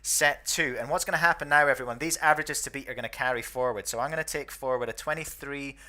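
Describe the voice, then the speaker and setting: A man's voice: mid-range voice, fast, pushed and bright. A young Scottish man from the northeast, chatty and self-deprecating, hosting and commentating on a casual online match. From northeast Scotland. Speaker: host.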